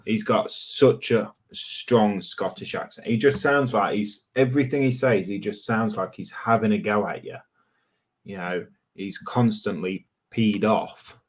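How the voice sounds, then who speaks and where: A man's voice: lowish voice, unhurried. A man, co-hosting a casual live chat stream and teasing his co-host. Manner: teasing, jokey. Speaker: livestream co-host.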